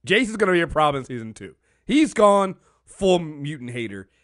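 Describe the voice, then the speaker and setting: A man co-hosting a podcast, chatting casually, laughing often and acting out characters in loud bursts. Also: a little high, moderate pace, no room sound, studio quality. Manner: laughing, animated, acts out characters with loud outbursts. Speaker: podcast co-host. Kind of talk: casual chat.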